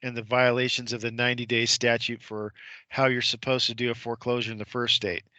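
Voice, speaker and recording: Male radio guest, mid-pitched and bright, with a dry close sound. Emphatic storyteller who acts out the voices of the people in his story. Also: little pitch movement, brisk, no echo, dull audio. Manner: retells courtroom scenes, imitating the judge's voice; emphatic, repeats points with rhetorical questions. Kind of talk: conversational storytelling on a radio show.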